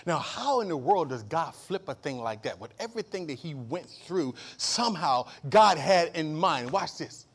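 A male pastor preaching a sermon, calling out for amens and swinging from loud outbursts to low hushed asides. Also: big pitch swings, normal speed, hardly any pauses, slightly rough. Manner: repeats and restarts phrases, calls for amen.

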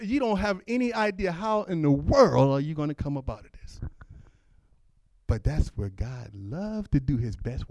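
A man preaching a sermon, talking casually with the congregation and reading scripture aloud, then rising to loud, fervent calls. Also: fairly high pitch, no room sound. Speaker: pastor.

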